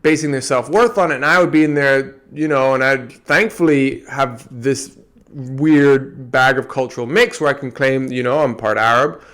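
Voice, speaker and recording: A man's voice: medium pitch, steady tone, normal speed, fairly bright tone. A man from Antigua with an American-tinged accent, talking through his ideas in a meandering, reflective podcast monologue. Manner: meandering, restarts often. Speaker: podcast host.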